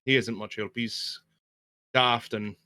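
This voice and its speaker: A man voicing a weary, blunt immigrant who talks in halting, grumbling bursts. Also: mid-range voice, fairly even intonation, sharp tone.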